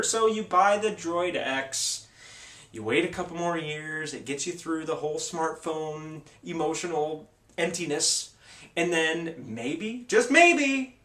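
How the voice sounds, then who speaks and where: A man's voice: high-pitched, a bit bright, echoey room, far from the mic. A man hosting a tech video, ranting casually with sarcasm and exasperation.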